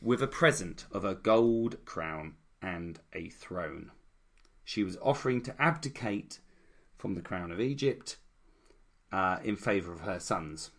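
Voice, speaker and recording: A man with a fairly low voice co-hosts a relaxed history talk. He tells the story in a loose, conversational way and drops in cheeky, irreverent asides. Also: measured pace. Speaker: podcast co-host.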